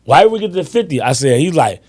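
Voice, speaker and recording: A man hosting a sports podcast, telling animated stories in casual chat and acting out his friends' lines. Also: fairly high pitch, a little fast, husky. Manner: animated storyteller, acts out friends' lines, laughs often. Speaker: podcast host.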